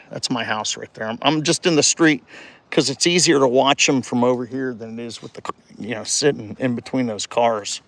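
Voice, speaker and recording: A man casually livestreaming from a residential street, cheering a child on and rambling with halting restarts into his phone. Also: mid-range voice, vocal fry, a bit bright. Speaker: vlogger livestreaming. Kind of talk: casual live-stream chat.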